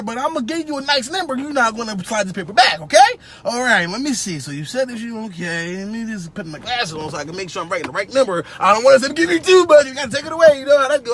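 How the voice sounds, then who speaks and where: A man putting on a rambling older male hiring manager, high and lively, all fillers and chummy, patronizing reassurance. The voice leaps up and down, and it is caught on a phone at arm's length. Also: exaggerated voice. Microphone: phone held at arm's length.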